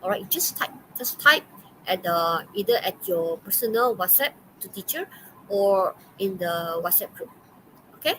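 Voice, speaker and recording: A woman's voice: mid-range voice, animated, a little slow, fairly bright tone, a little hiss or hum, poor audio. A woman with a Malaysian English accent teaching an online English class, chatty and full of okays and fillers. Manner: chatty, many okays and fillers, laughs often.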